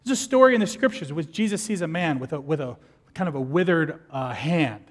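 A man preaching a sermon as pastor, lively and animated, acting out the people in his stories. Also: on the high side, a little fast, in a large hall.

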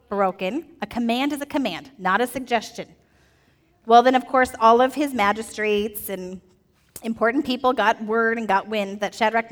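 Lively woman leading a children's Bible talk, with a bright, playful delivery in a long-echo church hall. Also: fairly high pitch. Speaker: children's message teacher. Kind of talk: animated Bible story for children.

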